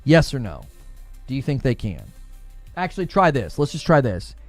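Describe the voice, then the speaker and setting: A man hosting a casual gaming livestream, animated and laughing often as he reads and answers chat. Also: medium pitch, moderate pace, dry recording, faint music behind.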